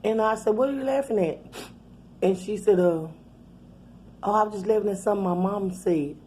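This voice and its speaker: A woman's voice: medium pitch, moderate pace, dark tone, a little hiss or hum. A middle-aged woman telling a rambling, profane, laughing story in casual chat. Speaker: channel host.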